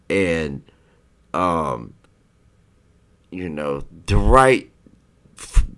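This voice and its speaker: A man's voice: fairly low pitch, a bit bright. A man hosting a live stream, ranting heatedly and profanely in a rambling way. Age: adult parent. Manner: rambling with restarts. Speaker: livestream host.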